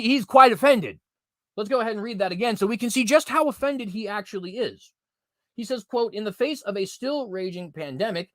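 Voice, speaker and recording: A young man in his twenties runs a political commentary show, reading headlines aloud and mocking them. His voice sits a bit high and swings widely, with loud sarcastic bursts. The sound is close and dry. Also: no echo. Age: 20s. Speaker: commentary host.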